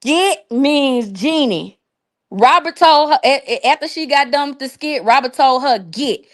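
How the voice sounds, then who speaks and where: High-voiced woman ranting on a livestream. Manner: profane, mocking, drawn-out repetitions. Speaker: livestream host. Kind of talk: casual livestream rant.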